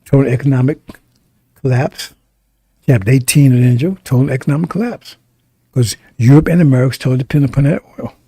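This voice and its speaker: A man delivers a sermon in a gravelly, husky voice, warm and low in tone. He hammers his points through repetition and keeps asking his listeners whether they follow. The recording is dry and close. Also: steady tone, fast, no echo. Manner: emphatic, repetitive, addresses listeners directly. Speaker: preacher.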